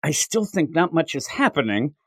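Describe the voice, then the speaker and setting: A man co-hosting a comic book podcast in casual chat. He rambles and mocks himself, and his pitch jumps up whenever he quotes someone. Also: sing-song, normal speed, a bit bright, breathy edge, no room sound. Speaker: podcast co-host.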